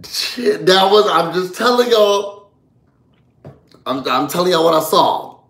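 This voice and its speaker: A man casually recapping a reality show for his viewers, animated and chatty, often calling out to them. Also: high-pitched, takes it slowly, reverberant. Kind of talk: casual live recap chat.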